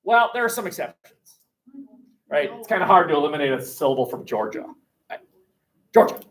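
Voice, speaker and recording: A man teaching history to a class, animated, thinking aloud and asking the class questions, recorded on a webcam across the classroom. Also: fairly high pitch, brisk. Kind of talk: classroom lecture. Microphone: webcam across the room. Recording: roomy classroom picked up from a distance.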